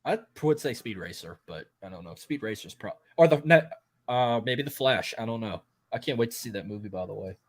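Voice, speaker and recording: A man's voice: lowish voice, expressive, fairly quick. A man hosting a casual wrestling podcast who jokes, swears and rambles. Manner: joking, profane, rambling. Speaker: podcast host.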